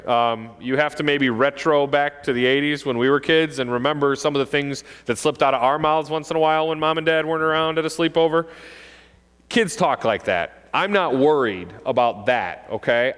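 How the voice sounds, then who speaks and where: A middle-aged man, a police officer, giving an animated talk to parents and acting out kids' voices. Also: medium pitch, clean tone. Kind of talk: presentation to an audience. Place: school hall. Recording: long hall reverb.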